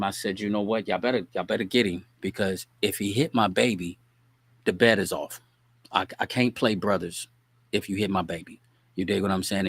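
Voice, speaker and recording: Slangy, animated man telling a story. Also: sits low, vocal fry, husky, dry recording. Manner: animated, slangy, keeps asking "you dig what I'm saying?". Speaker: host. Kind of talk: casual storytelling monologue.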